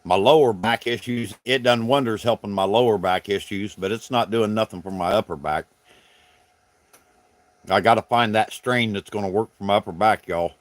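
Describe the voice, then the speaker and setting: A man's voice: on the low side, moderate pace, dry recording. A middle-aged man from South Carolina with a Southern accent, chatting casually with viewers on his livestream in a folksy, rambling way. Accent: Southern American. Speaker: livestream host.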